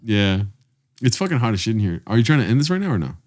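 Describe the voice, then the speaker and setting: A man's voice: fairly low pitch, sing-song, fast talker, darkish tone. A man co-hosting a podcast in casual chat, telling crude, rambling joking stories. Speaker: podcast co-host.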